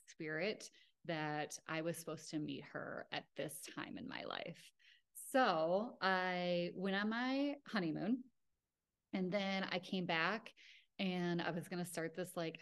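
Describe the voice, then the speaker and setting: A young adult woman hosting her own podcast, telling a personal story in a casual, chatty way with lots of fillers. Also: on the low side. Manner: chatty, filler-heavy, lively with acted-out quotes. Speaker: podcast host.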